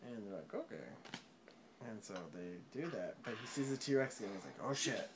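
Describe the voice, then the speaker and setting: A man's voice: on the low side, expressive, a little fast, background noise. A drunk young man retelling a film in a rambling, swearing way, often laughing and tripping over his words.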